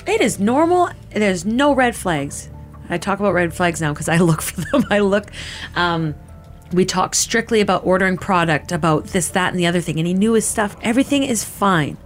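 A woman's voice: on the low side, expressive, moderate pace, faint music behind. A woman giving an emotional personal testimony in a casual, filler-heavy way, acting out what people said. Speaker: interviewee recounting her assault.

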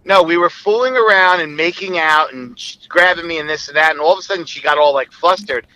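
A man's voice: fairly high pitch, brisk, sharp tone, dry recording, poor audio. A man, a former co-host calling in, telling a rambling, crude story full of filler words. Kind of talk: casual storytelling.

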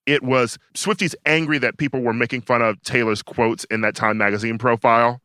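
A man's voice: mid-range voice, steady tone, brisk, bright, forceful tone, no room sound, studio quality. A man co-hosting a podcast in casual chat, opinionated and talking in long runs with many fillers and restarts. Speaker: podcast co-host.

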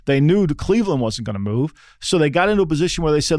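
Very animated and quick-paced, a middle-aged man with a fairly high, slightly mellow voice co-hosts a football podcast drawing on his NFL front-office past. He's emphatic and repetitive in this casual sports chat, regularly checking in with "okay?", and the recording is dry and studio-quality.

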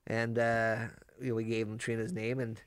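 A Canadian man tells a long story to a radio host, looping back and restarting his sentences as he goes. His voice sits at an ordinary pitch. The studio sound around him is dry and close. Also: little pitch movement, normal speed, smooth, no echo. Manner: rambling, with many restarts. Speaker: restaurant owner guest. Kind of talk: casual storytelling. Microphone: studio microphone.

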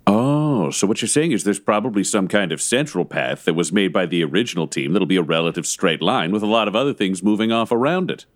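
A man at a tabletop game table, joking casually with his group. His pitch swings widely as he talks, and he laughs often. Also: expressive, a little fast, hardly any pauses. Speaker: player.

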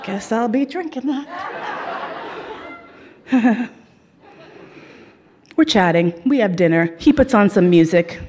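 A woman telling a comic story, swearing freely and laughing as she goes, with lively swings in her voice. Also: medium pitch, slow pace, long pauses, a faint crowd, a little hiss or hum. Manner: profane, laughing through the telling.

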